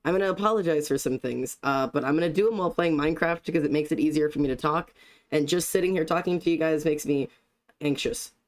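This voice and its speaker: A man's voice: fairly high pitch, fast. A young man live-streaming, greeting viewers by name and joking in a self-deprecating way, with casual swearing.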